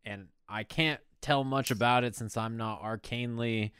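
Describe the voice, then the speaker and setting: A man's voice: medium pitch, steady tone, normal speed, fairly bright tone, smooth, dry recording. A man playing a tabletop game, talking in an easygoing, chatty way. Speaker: player. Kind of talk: casual tabletop play.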